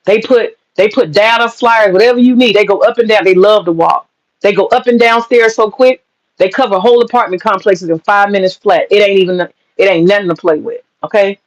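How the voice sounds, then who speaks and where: High-voiced man telling an emphatic story. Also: muffled recording. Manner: emphatic, profane, repeats lines for punch. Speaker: storyteller recounting political campaign work. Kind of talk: casual storytelling monologue.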